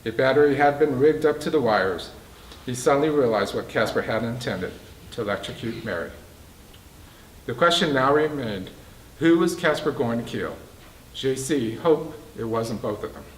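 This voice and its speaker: A man, an author, reading his novel aloud in a bookstore with a steady storytelling delivery. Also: medium pitch, moderate pace, slight background noise. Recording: roomy, distant mic in a bookstore.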